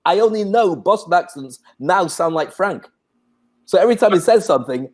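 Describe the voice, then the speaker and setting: A man's voice: sits high, lively intonation, normal speed. Chatty British man. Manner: self-deprecating, chatty. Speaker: co-host. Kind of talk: casual chat.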